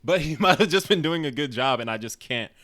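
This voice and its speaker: A man's voice: fairly high pitch, expressive, brisk, a bit bright, no room sound, studio quality. A man co-hosting a casual movie review podcast, joking and making wry asides. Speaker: podcast co-host.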